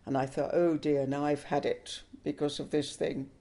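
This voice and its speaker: An older woman telling a personal story in an interview, unhurried and chuckling as she recalls events. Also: sits low, little pitch movement, dark tone.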